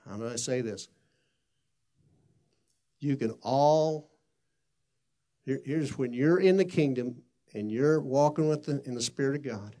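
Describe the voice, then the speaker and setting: A man's voice: mid-range voice, dark tone. A middle-aged man preaching a sermon and telling stories in an earnest, conversational way with frequent restarts. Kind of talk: sermon storytelling.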